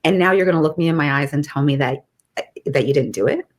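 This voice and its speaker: A middle-aged woman co-hosting a podcast, telling a story in a casual, animated way and often laughing. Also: low-pitched, quick pace. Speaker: podcast co-host.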